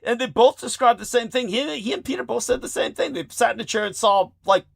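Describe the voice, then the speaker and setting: A man hosting a casual podcast chat, laughing often and talking in excited bursts. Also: very high voice, a little fast, vocal fry, no echo, studio quality. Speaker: host.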